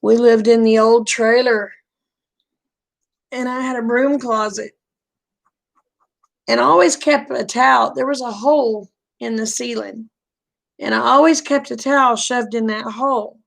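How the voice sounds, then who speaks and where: This is a vlogger, a middle-aged woman, telling a story casually and with plenty of animation. She speaks slowly with a drawl, pausing often, her somewhat high voice roughened by gravelly fry. Folksy and friendly, she sounds like she's talking to a pal and acts out all the dialogue she quotes.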